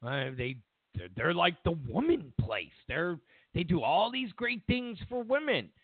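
Male talk host, casual rambling storyteller, very expressive pitch, phone-thin sound. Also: a little slow, breathy edge, dry recording. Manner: animated storytelling with restarts. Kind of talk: casual monologue. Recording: tinny phone-like audio, dry.

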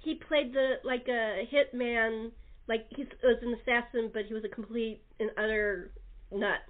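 A woman hosting a chat show, telling stories in a lively way and laughing often, heard over a phone-line recording. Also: on the high side, a little slow. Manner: laughing, animated storyteller. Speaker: talk show host. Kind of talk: casual chat.

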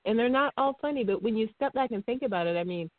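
A woman's voice: a little high, lively intonation, fast talker, no room sound. Chatty woman on a tinny phone line. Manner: upbeat, teasing, laughs often. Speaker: podcast co-host. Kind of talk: casual radio chat.

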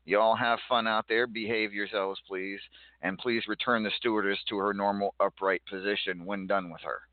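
A man's voice: fairly low pitch, level tone, moderate pace, dry recording. A man hosting a casual online radio show, jokey and rambling, stumbling over his words now and then. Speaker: show host. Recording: dry, tinny phone-like line.

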